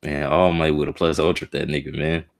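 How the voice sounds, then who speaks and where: Super deep voiced guy streaming a reaction, emotional and slangy, muttering to himself. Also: level tone, fairly quick, vocal fry. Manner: emotional, slang-heavy, talks to himself while reading. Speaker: streamer reacting to a manga chapter. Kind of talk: casual live reaction commentary.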